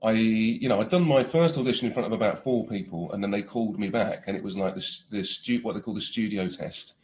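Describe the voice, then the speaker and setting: A man's voice: lowish voice, quick pace, darkish tone, slight background noise. A British man in his forties, an actor chatting casually in an interview, laughing often and restarting his sentences.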